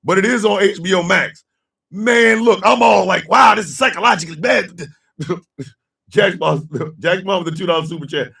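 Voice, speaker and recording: A man chatting loosely with his livestream chat, telling a story loudly and profanely and often breaking into laughter. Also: sits high, moderate pace, creaky, far from the mic.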